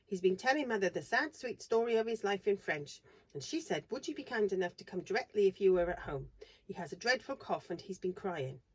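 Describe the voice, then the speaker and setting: A woman's voice: mid-range voice, lively intonation, brisk, slightly rough, rough recording. A woman reading aloud, voicing an earnest, kind-hearted young girl in a storybook. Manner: earnest, pleading.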